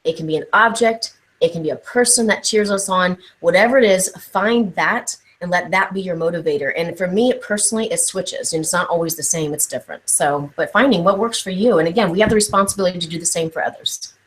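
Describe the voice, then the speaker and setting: A woman's voice: fairly low pitch, brisk, hardly any pauses, rough recording. A woman from Ohio, a guest on a live online interview, telling stories and acting out what people said. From Ohio, USA. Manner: animated storytelling, acts out quotes. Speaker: guest speaker.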